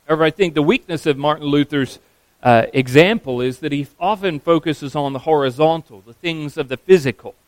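A man preaching a sermon as a pastor, earnest and emphatic, slowing down on key phrases. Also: on the high side, clean tone, no echo, low-quality recording.

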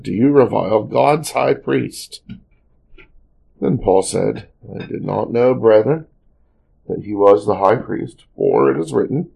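A pastor reading scripture aloud and then explaining it in a loose family worship devotional, with many fillers. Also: male voice, lowish voice, gravelly, mellow, husky, rough recording.

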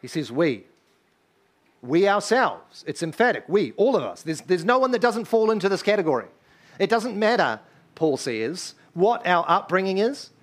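A man with a somewhat high voice delivers a sermon from the pulpit. He is emphatic, leans on key phrases, and keeps asking his listeners questions. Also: sing-song, moderate pace. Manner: emphatic, asks the congregation rhetorical questions. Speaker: pastor. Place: church.

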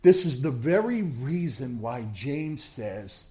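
A male pastor preaching a sermon with passion, swinging from loud surges to hushed, drawn-out words. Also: medium pitch, big pitch swings.

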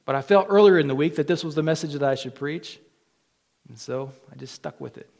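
A male pastor preaching a sermon, moving from quiet, almost whispered lines to loud, fervent appeals. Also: fairly high pitch, a little fast, gravelly. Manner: builds from quiet to impassioned near-shouting.

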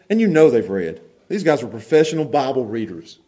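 A man preaching a sermon, animated, moving between quiet asides and loud, laughing bursts. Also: mid-range voice, fairly quick. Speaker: pastor.

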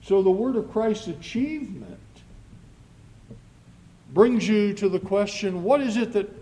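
A man preaching a sermon as pastor, speaking slowly and rising to loud, emphatic readings of scripture. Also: sits high, expressive. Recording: long reverb of a church hall.

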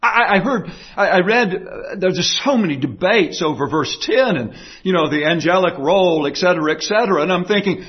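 Husky pastor guy preaching, kinda high voice, dull lo-fi sound. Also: lively intonation, a little fast. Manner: emphatic preaching, swings from quiet to raised. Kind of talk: sermon.

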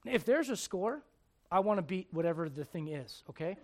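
A pastor with a strikingly high voice who preaches in a conversational, joking way. He swings between hushed, intimate lines and loud, emphatic ones. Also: animated, moderate pace. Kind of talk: storytelling sermon.

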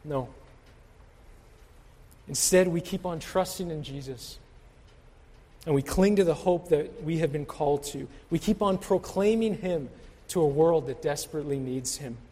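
A man's voice: a little high, unhurried, pauses often, mellow. A man preaching a sermon in an earnest, exhorting way, repeating his key points to the congregation. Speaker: pastor. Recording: reverberant hall.

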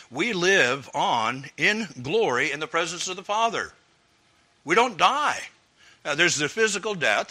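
A man's voice: medium pitch, pushed and bright. A man preaching an expository sermon, earnest and emphatic, building up through repeated phrases. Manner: earnest, emphatic, with swelling repetitions.

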